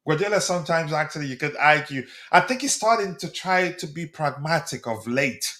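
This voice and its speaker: With a fairly high, bright and forceful voice, this South African host is expressive and speaks at a normal speed. He runs a live football debate stream, chatting as he reads viewers' comments aloud and replies; English is not his first language, which is another South African language.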